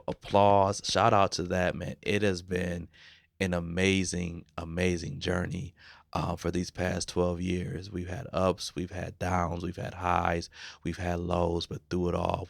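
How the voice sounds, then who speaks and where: Male podcast host, 30s, earnest and heartfelt, deep gravelly tone, dry sound. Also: dry recording. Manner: earnest, heartfelt, builds to animated preaching. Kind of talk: casual solo podcast talk.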